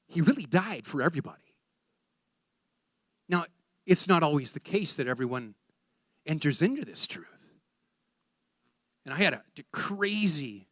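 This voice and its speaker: A male preacher tells his story with excitable, animated energy. His voice sits high and swings widely in pitch, with a bright edge, and he acts out the voices in the tale. The sound is close and dry. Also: dry recording. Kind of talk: sermon storytelling.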